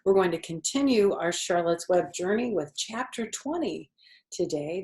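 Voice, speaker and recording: An older woman reading a children's book aloud, gently explaining words and asking questions. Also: fairly low pitch, animated, normal speed. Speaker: storytime host, children's book reader. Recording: roomy echo.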